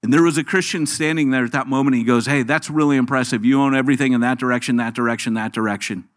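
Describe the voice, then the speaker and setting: A middle-aged man preaching a sermon, animated, dropping his voice low and soft when he quotes. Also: quick pace, hardly any pauses. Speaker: pastor.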